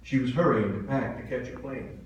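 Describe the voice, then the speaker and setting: A man's voice: medium pitch, normal speed, lo-fi sound. An American pastor in his seventies delivers a sermon, telling stories with earnest swells and drops in volume. His voice sits in an ordinary middle register. He sounds far from the mic, carried through a very reverberant hall with a faint hiss. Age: 70s. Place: church sanctuary.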